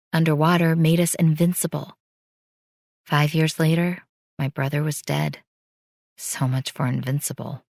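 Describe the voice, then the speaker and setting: A woman reads a first-person audiobook story with a wry, bitter edge. Her voice sits low, and the recording is dry and close with no room sound. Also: dry recording.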